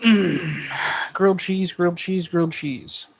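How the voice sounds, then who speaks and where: A man's voice: sits high, measured pace, creaky. A man hosting a casual livestream from his kitchen, cooking as he talks and joking through viewer comments. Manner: jokey banter, reading viewer comments aloud. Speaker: livestream host.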